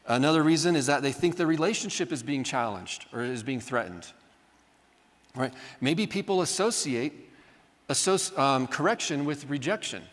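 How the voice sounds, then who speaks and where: A man's voice: a little high, expressive, normal speed. Conversational man lecturing in a reverberant hall. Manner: conversational, often acts out quoted voices, adds "right?". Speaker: Bible college teacher. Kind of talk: classroom lecture.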